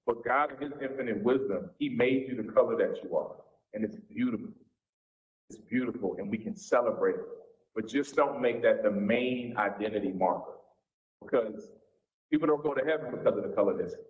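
Brisk and mid-range, the man is a Southern US pastor in his forties giving a homespun, casual seminar talk in a church sanctuary. The audio is dull and echoey.

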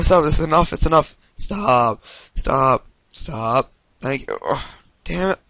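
A man gives excitable let's-play commentary, yelping and swearing at every mishap. His voice is bright and forward, and his pace is unhurried. The recording is dry and close. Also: a little high, vocal fry, dry recording. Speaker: gaming video host.

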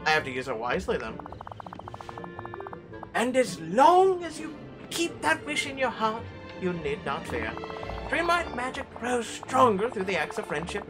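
A solemn, mystical old wizard from a video game, as a man puts him on, his lines delivered in a raised, theatrical voice. The pitch rises and falls widely. Game music runs beneath him. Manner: reads game dialogue aloud in a raised, theatrical voice.

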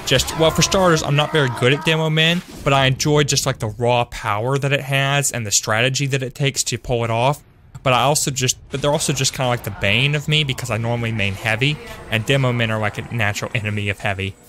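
A young man's mid-range, steady, fairly bright voice comes through fast, with a little hiss or hum, as he provides live-streamed commentary on a shooter game. Greeting viewers by name in an upbeat way, he often backtracks mid-sentence and fades out with filler words.

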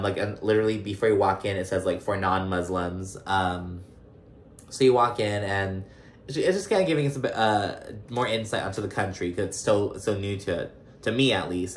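A man's voice: lowish voice, slight background noise. A man recapping a reality show in casual, profane commentary full of fillers. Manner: chatty, profane, lots of fillers. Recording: roomy echo.

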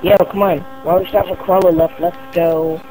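A man's voice: sits high, little pitch movement, a little fast, poor audio. A man chatting casually while playing a co-op game, playful and full of goofy quips. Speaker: co-op gaming partner. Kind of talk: casual gameplay chat.

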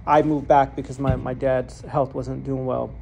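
Over soft background music, a man with a medium-pitched, creaky, darkish voice speaks at a moderate pace in a level tone. He's a preacher giving his testimony as a sermon, candid and earnest, repeating words as he restarts and laughing self-deprecatingly at his own story.

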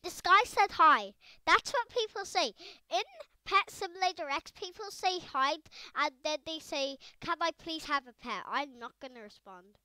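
High, bright-voiced excitable gamer woman. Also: moderate pace, dry recording. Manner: chatty and excitable, rambling with fillers. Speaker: gaming video creator. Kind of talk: casual gameplay commentary.

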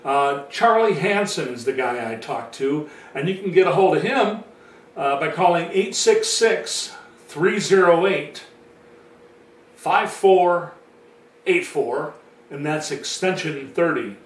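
Chatty male vlogger, slightly high voice, roomy sound from a distant mic. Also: animated, slow. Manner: rambling, chatty, with many fillers. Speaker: vlogger telling his own story. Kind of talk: casual storytelling monologue.

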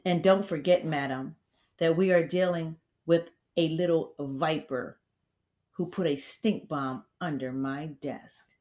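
A woman doing a loud barking headmistress, scornful bully, low slow voice, storybook reading. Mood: scornful, bellowing. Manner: loud barking, booming delivery. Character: bullying huge female headmistress, furious and scornful.

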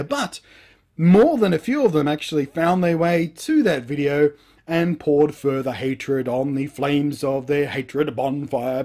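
A man vlogger giving a sarcastic, emphatic rant with drawn-out stresses on key words. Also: a little high, a little mellow. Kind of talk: ranting commentary.

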